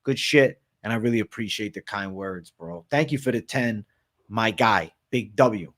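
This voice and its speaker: A man's voice: fairly low pitch, normal speed, fairly bright tone. A man co-hosting a casual livestream podcast, reading donations and chatting in a slangy, laid-back way.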